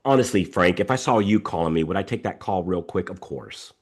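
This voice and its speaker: Animated deep-voiced man coaching on a call. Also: fairly quick, breathy edge. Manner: emphatic, repetitive, animated storytelling. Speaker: coaching host. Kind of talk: live video call coaching session. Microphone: video call microphone.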